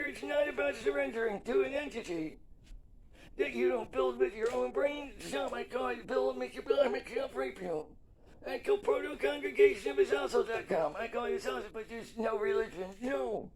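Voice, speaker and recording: A man with a very high voice talks alone in a broken, stop-start monologue. He keeps cutting himself off with short interjections, at times shouting and at times dropping to a quiet, flat tone. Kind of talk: solo spoken monologue.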